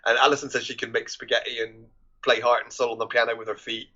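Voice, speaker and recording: A man's voice: mid-range voice, little pitch movement, fast talker, pushed and bright. Man retelling a film, lo-fi sound. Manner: retells scenes quoting characters, many restarts. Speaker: podcast co-host. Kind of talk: casual film discussion. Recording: dull lo-fi podcast audio.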